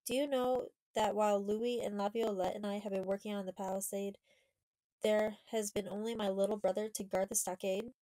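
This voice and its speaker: A woman's voice: mid-range voice, steady tone, normal speed, warm tone, lightly acted, low-quality recording. A woman reading the part of a brave fourteen-year-old girl who urgently gives orders. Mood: angry.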